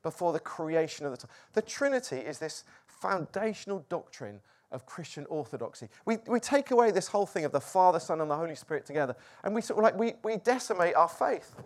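A man preaching a sermon, moving between loud exclamations and hushed, quiet lines. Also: fairly high pitch, very animated, fairly quick, hardly any pauses.

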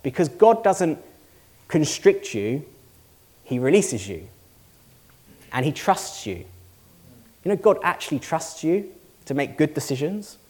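A man's voice: fairly high pitch, sing-song, a little slow, pauses often, a little mellow. A male pastor giving a sermon to a congregation, earnest and conversational, asking the room rhetorical questions. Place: church hall before a congregation.

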